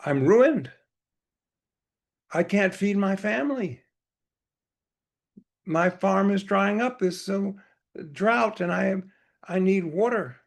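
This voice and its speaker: A man voicing a desperate village farmer who begs for help, with a gravelly, husky voice. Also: medium pitch, a little slow, few pauses, heavily acted. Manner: begging, pleading.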